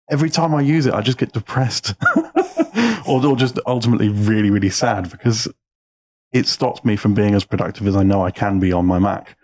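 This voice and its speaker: A man hosting a casual live stream about his music, relaxed and chatty, laughing often. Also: on the low side, moderate pace, pauses often. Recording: loud music under the voice.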